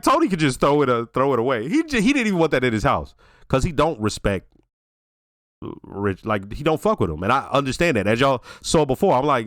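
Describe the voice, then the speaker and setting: A man holds forth in a casual reaction review, cursing often and acting out the characters' lines. His pitch leaps high when something surprises him. The sound is close and dry, with no room around it. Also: fairly quick, no room sound. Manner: profane, animated storytelling with exclamations. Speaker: reaction video host.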